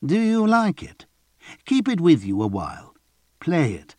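A slick merchant flatters and coaxes in a lifted, sing-song voice, as a male narrator puts him on. He sounds smooth and wheedling, set well above the reader's own low tone. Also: a little slow, dry recording, heavily acted. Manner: wheedling, persuasive.

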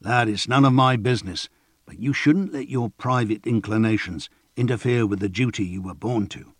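A man voicing a gruff older male retainer who scolds and grumbles, in a storybook reading. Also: on the low side, moderate pace, dry recording, clean studio sound. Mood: scolding.

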